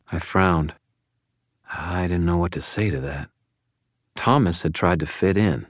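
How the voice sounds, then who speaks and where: A man narrating a first-person audiobook in an extremely deep voice. His delivery is measured and dry. The sound is close and completely dry. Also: dry recording.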